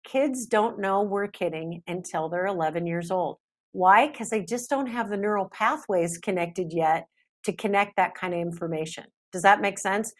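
Middle-aged lady chatting on a podcast, lively storyteller, average pitch. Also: moderate pace. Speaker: parenting expert guest. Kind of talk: podcast interview.

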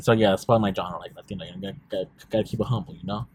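A man's voice: low voice, steady tone, racing, darkish tone, a little hiss or hum. A young man co-hosting a casual podcast, rambling in slang with lots of fillers and swearing. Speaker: podcast co-host.

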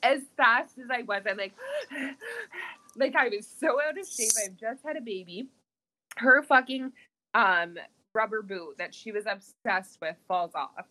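Bright, animated young woman telling a story. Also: a little high, normal speed, slight background noise. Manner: animated storyteller, swears freely, acts out voices. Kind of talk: casual chat.

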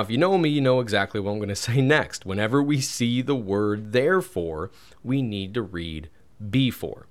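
Chatty man teaching scripture. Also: fairly low pitch. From United States. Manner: chatty, digresses, laughs at own jokes. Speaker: Bible teacher. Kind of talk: casual Bible study podcast. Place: home room, creaky computer chair.

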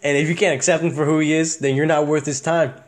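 A young man hosting a casual podcast, talking candidly and profanely, swinging between a flat monotone and excited bursts. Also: a little high, fast talker. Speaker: podcast host.

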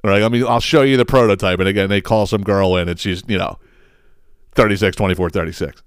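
A man hosting his own podcast, telling a story in a casual, profane and animated way, acting out the quotes. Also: fairly low pitch, fast talker, smooth, dry recording, studio quality. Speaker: podcast host.

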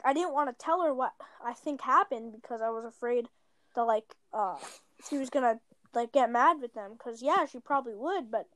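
A woman with a notably high voice tells a meandering personal story. She chats casually, stacking "like" fillers and correcting herself as she goes. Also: dry recording. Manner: chatty, rambling, lots of "like" fillers and self-corrections. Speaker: storyteller guest. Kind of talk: casual chat, rambling storytelling.

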